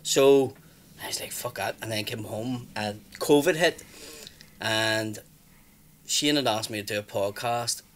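A man in his thirties with a Belfast accent, talking as a guest comedian in a rather low voice. He tells his stories bluntly and swears freely. He slips into other people's voices to act out what they said. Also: unhurried, long pauses, a bit bright. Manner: blunt storyteller, swears freely, acts out quotes. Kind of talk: casual chat.

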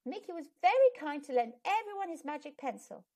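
A woman's voice: high voice, very animated, fairly quick, darkish tone, voice pushed up. Woman voicing Missus Grant, a kind teacher. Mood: encouraging. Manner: encouraging, firm teacher voice. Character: kind, calm female primary school teacher.

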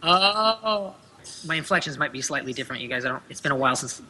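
A man's voice: a little high, lively intonation, quick pace, pushed and bright. A man in his thirties, a voice actor, chatting playfully and joking in an interview. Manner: playful, jokey, laughs often. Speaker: voice actor guest. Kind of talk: casual interview chat.

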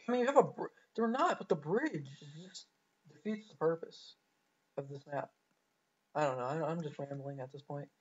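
A woman hosting her gaming channel, rambling through live gameplay commentary and breaking into frustrated shouts. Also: on the low side, muffled recording.

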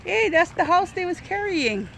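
A woman's voice: very high-pitched, big pitch swings, moderate pace, creaky, fairly bright tone, a little hiss or hum. A woman chatting casually while filming animals outdoors at a ranch, cooing at them in a playful sing-song voice. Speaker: vlogger filming a ranch visit. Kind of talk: casual running commentary.

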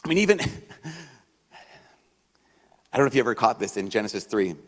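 A man preaching a sermon as a priest, in a conversational, animated way, acting out the voices he quotes. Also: medium pitch, normal speed. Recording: long hall reverb.

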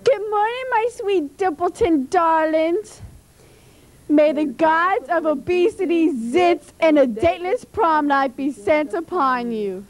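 A theatrical teacher greets her class with syrupy, drawn-out sarcasm, as a teenage girl puts her on. The voice soars very high and sing-song. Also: lively intonation, exaggerated voice, low-quality recording. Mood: mock-sweet. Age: late teens. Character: theatrical female teacher, sweetly mocking.

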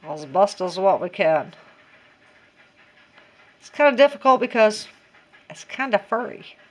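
A woman's voice: medium pitch, expressive, unhurried. A woman in a casual DIY craft tutorial, chatty and giggly and talking to herself as she works.

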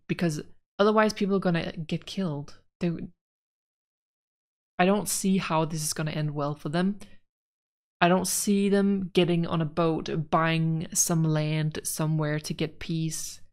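A woman's voice: fairly low pitch, a little mellow. A woman giving casual gameplay commentary, rambling frankly and with exasperation about the story as a let's play gamer.

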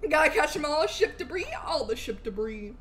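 A woman streaming a game live, chatting with viewers and swinging between loud greetings and low mutters. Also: lively intonation, normal speed. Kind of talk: live gameplay commentary.

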